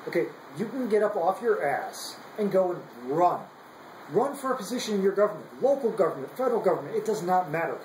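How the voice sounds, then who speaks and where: A man's voice: sits high, very animated, brisk, a little mellow, roomy sound, a little hiss or hum, low-quality recording. A young man on active military duty, giving a heated, profane political rant full of repeated words. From United States. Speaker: active duty service member.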